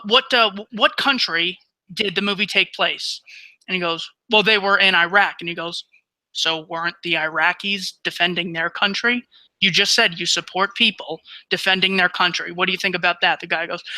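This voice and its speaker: Stammering man with a high, sharp voice. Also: no room sound, low-quality recording. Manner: stammering, repeating words as he starts sentences. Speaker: podcast host. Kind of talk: casual political discussion.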